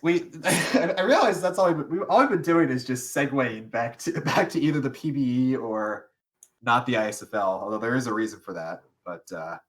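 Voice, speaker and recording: In casual podcast chat, a young male co-host speaks at a normal pace with a mid-range, slightly bright voice. He tends to ramble, restart, and laugh as he goes.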